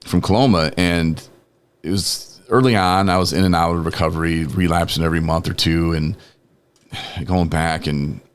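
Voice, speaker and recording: Man, very low voice, casual storytelling, rambling, laughing, studio chat. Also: moderate pace, clear, resonant tone. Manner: rambling, laughing, quotes people in lively voices. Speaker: guest on recovery talk show. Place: podcast studio.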